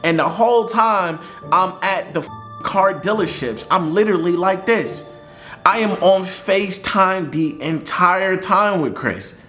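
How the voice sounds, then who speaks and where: A young man telling a personal story in a casual vlog, animated, slangy and profane. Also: sits high, unhurried, faint music behind.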